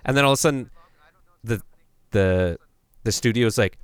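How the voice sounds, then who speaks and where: A man on a horror film podcast, talking casually and full of fillers, who tells stories by acting out what each person said. His voice is fairly low for a man, smooth and clear. The recording is dry. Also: normal speed, dry recording. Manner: storytelling, acts out quoted people, many fillers. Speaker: podcast co-host. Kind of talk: casual chat about horror films.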